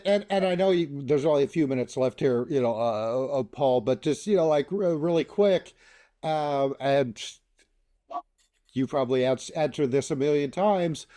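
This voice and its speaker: A man with a mellow voice pitched a little high rambles and hedges on his way to a question. He is co-hosting a casual chat. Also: moderate pace. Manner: rambling, hedging lead-in to a question.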